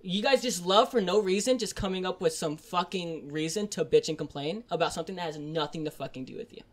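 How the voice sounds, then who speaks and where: A young man hosting a casual podcast chat, swearing constantly and ranting, getting louder and higher as he heats up. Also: fairly quick. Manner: swears constantly, rants and gets loud and high when heated. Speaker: podcast host.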